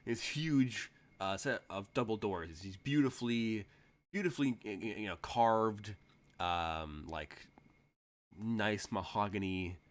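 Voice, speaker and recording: A man with a somewhat low voice narrates a tabletop game as its game master. He rambles, restarts his sentences and laughs often between them.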